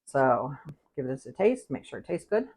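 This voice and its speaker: A chatty woman with a low voice hosts a casual cooking livestream from her home kitchen. She talks through the recipe with loose, rambling asides and laughs easily. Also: big pitch swings, moderate pace, a little mellow, breathy edge. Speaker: cooking show host.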